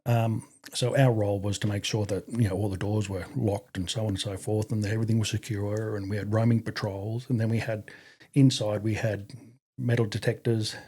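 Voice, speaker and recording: A man's voice: on the low side, fairly quick, breathy edge. A man with an Australian accent telling a long, profane army story in casual conversation, acting out the people he quotes. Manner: profane, animated, acts out quotes. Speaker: guest.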